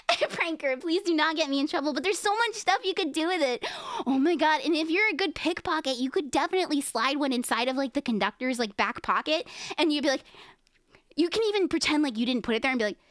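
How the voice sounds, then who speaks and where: A woman with a high, lively voice that leaps up and down. She chats casually with her viewers, rambles from thought to thought and giggles often. The sound is dry and close. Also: a little fast, no echo. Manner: rambling, giggly, talks to chat. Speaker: streamer. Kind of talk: casual chat.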